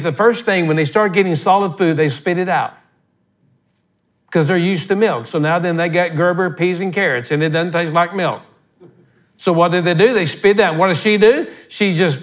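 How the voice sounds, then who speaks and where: A man's voice: high-pitched, normal speed, fairly bright tone. An older man preaching a sermon as pastor, talking in a folksy, blunt way that swells into emphatic outbursts.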